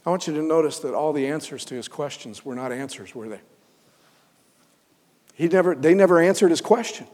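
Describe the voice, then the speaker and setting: A man preaching a sermon in a fairly high voice, rising to loud, fervent runs and dropping to hushed, near-whispered lines. His voice carries a long reverb, as from a large hall. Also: a little fast, long pauses. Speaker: pastor.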